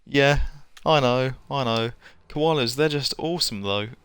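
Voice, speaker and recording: A man's voice: mid-range voice, a little slow, a bit bright, clean tone, no echo. A man chatting casually as a livestreamer during a game, rambling and giggly. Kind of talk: casual gameplay livestream chat.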